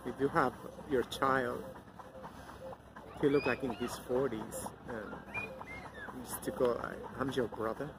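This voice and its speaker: Blunt middle-aged man over loud traffic. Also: medium pitch, fairly even intonation, takes it slowly, long pauses. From Mexico. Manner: blunt, outspoken, rambling with many fillers. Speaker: vlogger. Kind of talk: casual outdoor vlog rant. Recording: loud outdoor traffic noise.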